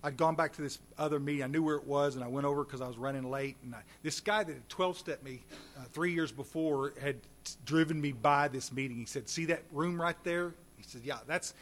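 A man's voice: on the high side, a little fast. Folksy man telling his recovery story. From Texas. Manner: folksy and animated, addresses audience directly. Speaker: recovery speaker. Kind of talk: recovery meeting talk.

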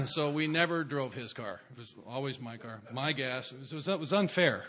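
A man's voice: medium pitch, normal speed, fairly bright tone. A man speaking at a recovery meeting, telling a personal story in a wry, self-mocking way.

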